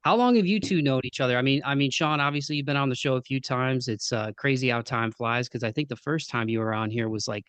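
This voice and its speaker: A man with a Midwestern accent hosting a podcast interview in a relaxed, chatty way. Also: medium pitch, fast talker, hardly any pauses, clean tone, no room sound. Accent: Midwestern American. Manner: laid-back, says "man" and "dude" a lot. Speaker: podcast host. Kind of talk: casual interview chat.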